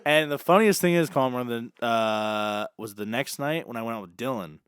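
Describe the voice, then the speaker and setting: Man telling a lively story. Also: medium pitch, normal speed, clean tone, no room sound. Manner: animated, acts out quoted dialogue. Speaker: podcast co-host. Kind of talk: casual storytelling chat.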